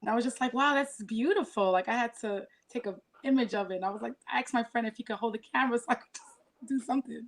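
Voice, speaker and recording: A woman's voice: on the high side, steady tone, very fast. A woman being interviewed as a singer and poet, talking casually and filling her speech with "like". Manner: chatty, filler-heavy with frequent "like".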